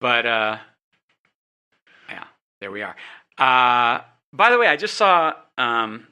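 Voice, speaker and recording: A man's voice: mid-range voice, sing-song, slow pace, bright, forceful tone, clean tone. A man co-hosting a casual podcast panel chat, rambling and restarting his sentences often. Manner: rambling, hesitant, many restarts. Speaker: podcast co-host.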